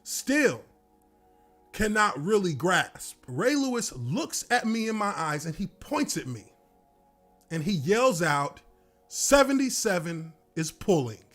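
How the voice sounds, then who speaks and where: Faint music plays behind a former professional lineman as he casually recounts an anecdote from a game with animated drama and occasional profanity. His voice sits high, and his delivery is slow.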